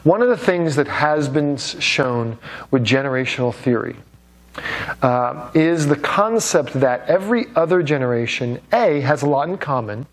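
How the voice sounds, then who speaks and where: A man giving a classroom lecture, with joking asides to the students and many fillers and restarts. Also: mid-range voice.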